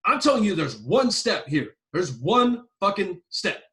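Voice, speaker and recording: A man's voice: high-pitched, sing-song, unhurried, a bit bright, far from the mic. A man hosting a relationship advice podcast, ranting bluntly and swearing constantly as he repeats his points. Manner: profane, emphatic, repetitive ranting. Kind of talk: blunt advice-show rant.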